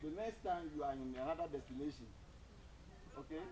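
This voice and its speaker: A man's voice: a little high, expressive, a little fast, crowd noise, rough recording. A man telling a folktale to a live audience, often asking his listeners questions and having them repeat lines. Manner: call-and-response, asks listeners questions. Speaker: storyteller.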